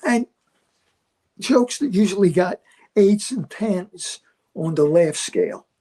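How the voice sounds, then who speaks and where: A man's voice: sits high, animated, slow pace, mellow. Older man telling comedy stories. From Philadelphia area. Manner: acts out other people in his stories. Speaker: stand-up comedian guest. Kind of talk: animated storytelling.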